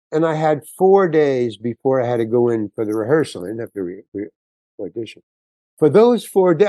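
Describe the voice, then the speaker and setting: A man's voice: mid-range voice, no room sound. An older man, a guest actor on an interview show, telling a long anecdote and acting out the voices of the people in it. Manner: animated storyteller acting out quotes.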